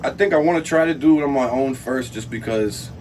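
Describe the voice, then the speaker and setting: A man talking as a podcast guest, relaxed and rambling, with lots of fillers. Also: mid-range voice, fairly quick. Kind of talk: casual chat. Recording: distant mic with clear background noise.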